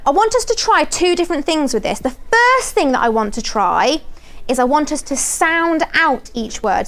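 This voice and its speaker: Southern English woman, high voice, phonics teacher, clear and encouraging. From southern England. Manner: clear, encouraging, sounds out words slowly. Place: primary school classroom.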